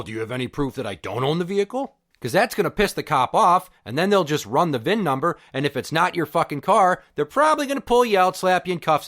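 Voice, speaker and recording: A man's voice: high voice, a bit bright. A man hosting a podcast, telling a crude, sarcastic and exasperated rant about a pushy visitor. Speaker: podcast host. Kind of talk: profane storytelling rant.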